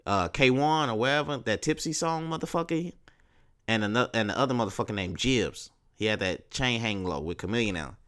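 A man's voice: mid-range voice, animated, a little fast, fairly bright tone. A man hosting a casual solo podcast, talking in a profane, rambling, laid-back way full of street slang. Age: 30s. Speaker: podcast host.

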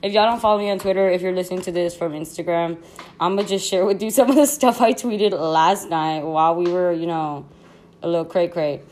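A woman's voice: on the low side, fairly quick, darkish tone. A young woman hosting a podcast, telling a rambling storytime at home in a casual, slangy way with frequent laughs. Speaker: podcast host. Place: her home.

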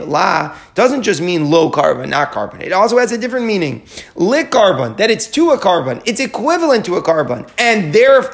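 A man's voice: a little high, vocal fry. A man teaching a Talmud study class, walking through the argument step by step, quoting short phrases and translating them, often repeating key words as he goes. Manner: quotes short Aramaic phrases, then translates.

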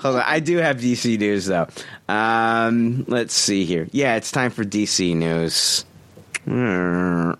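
A man's voice: lowish voice, slow, fairly bright tone, clear, resonant tone. A man hosting a podcast in casual chat, ranting in an exasperated, profane way. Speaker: podcast host.

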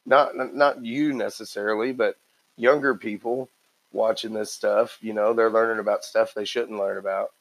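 A man's voice: lowish voice, steady tone, normal speed, low-quality recording. Blunt opinionated man chatting. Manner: blunt, opinionated, swears casually. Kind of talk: casual chat.

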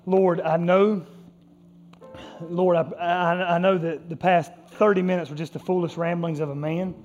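A pastor delivering an impassioned sermon and closing prayer, swinging between forceful emphasis and hushed intensity. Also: male voice, high-pitched, level tone, moderate pace, muffled recording, soft background music. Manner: impassioned preaching, rising and falling intensity.

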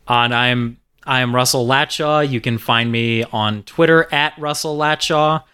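A man's voice: medium pitch, unhurried, bright, forceful tone, smooth. A man who is a guest on a podcast, chatting casually and rambling a bit, with self-deprecating humor. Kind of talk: casual chat.

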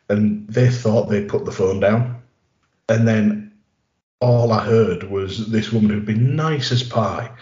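A man's voice: on the low side, unhurried, a little mellow. A man, a podcast guest, telling long rambling stories with wisecracks in casual chat. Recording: roomy lo-fi audio.

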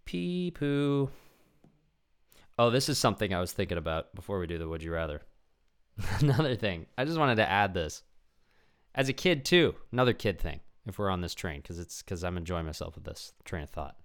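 A young man with a deep, low-pitched voice hosts a podcast solo. He talks in a loose, rambling comedic monologue, swears freely, and slips into quick impressions of people in his stories. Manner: rambling, animated, swears a lot, acts out voices. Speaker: podcast host.

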